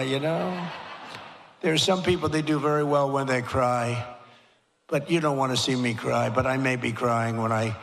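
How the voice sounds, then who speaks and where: An older man giving a rally speech. He talks in short, repetitive, punchy phrases and builds to shouted slogans. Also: a little high. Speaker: political speaker at a rally. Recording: reverberant hall, gravelly.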